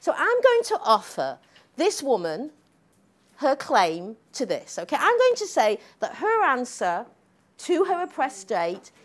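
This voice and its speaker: A woman's voice: high-pitched, wildly swooping pitch, unhurried. An older woman from the United States giving an emphatic, sardonic public lecture as a professor, often tagging her points with "okay?" and "right?".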